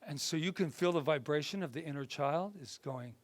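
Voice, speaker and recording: A man, a reverend, teaching a spiritual class in a relaxed, conversational way, often rambling and acting out little voices from his stories. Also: fairly high pitch, fairly quick, hardly any pauses, no room sound. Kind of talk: casual spoken talk.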